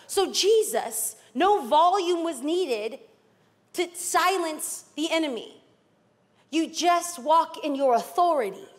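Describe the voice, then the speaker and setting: A woman pastor with a high voice delivers a lively sermon. She preaches with energy, drops playful asides, and slips into other voices when she quotes people. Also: takes it slowly.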